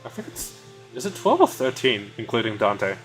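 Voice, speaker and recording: A man streaming a game, reading its dialogue aloud casually with quick asides and stumbles. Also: mid-range voice, huge pitch swings, soft background music, poor audio.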